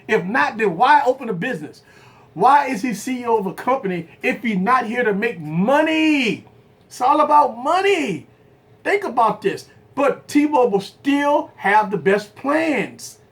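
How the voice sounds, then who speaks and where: A man's voice: extremely high pitch, fairly bright tone. A man hosting a tech livestream, giving his opinions emphatically, repeating phrases and asking rhetorical questions straight to his viewers. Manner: talks straight to viewers as "guys". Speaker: tech channel host and business owner.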